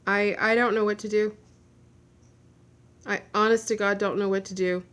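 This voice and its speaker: A woman's voice: mid-range voice, flat delivery, normal speed, a bit bright. A woman giving a personal video update, venting in a frustrated, blunt rant with some swearing. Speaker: vlogger.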